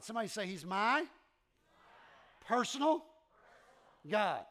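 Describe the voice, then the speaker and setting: A man preaching a sermon, animated and repetitive, leading the congregation in call-and-response in a church. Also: sits high, moderate pace, pauses often. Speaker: pastor. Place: church sanctuary.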